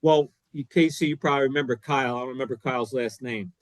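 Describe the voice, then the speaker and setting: A man co-hosting a podcast, telling a story in an excitable, emphatic, self-deprecating way. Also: medium pitch, quick pace, dry recording. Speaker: co-host, former defensive coordinator. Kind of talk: animated storytelling; casual podcast chat.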